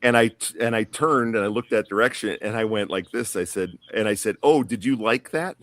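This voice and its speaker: A man's voice: lowish voice, steady tone, brisk, fairly bright tone, no echo. A man telling a long story on a podcast panel in a casual, rambling way, full of fillers and restarts. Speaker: guest.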